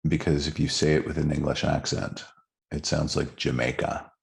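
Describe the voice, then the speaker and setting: A middle-aged man with an extremely low, gravelly voice co-hosts a casual music podcast. He talks in an animated, storytelling way, full of restarts and asides. He has plenty of trivia and clearly enjoys sharing it. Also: normal speed. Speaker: podcast co-host.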